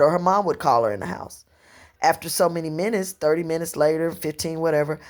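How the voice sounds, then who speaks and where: A woman in her fifties from Louisiana with a Southern accent, telling long personal stories to camera in an unhurried, rambling way. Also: low-pitched. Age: 50s. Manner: unhurried storytelling, drawn-out phrasing, slips into dialect and quoted voices. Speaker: vlogger.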